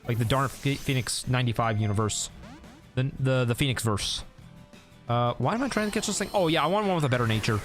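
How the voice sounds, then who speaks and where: Young guy streaming, rambly and easily sidetracked, chatty, soft music behind him. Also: medium pitch, animated, brisk. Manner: rambling, easily sidetracked, laughs at own stories. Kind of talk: casual live-stream chat while gaming.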